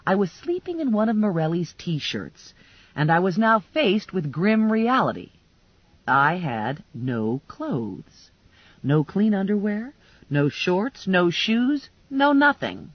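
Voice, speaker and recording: A woman narrating an audiobook in the first person, with measured storytelling and dry humor. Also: medium pitch, very animated, no room sound. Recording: dull lo-fi dry recording.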